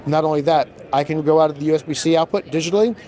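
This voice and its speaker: A man, a brand marketing manager, enthusiastically demonstrating products at a trade show while he is losing his voice. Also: mellow. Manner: enthusiastic, fast product pitch.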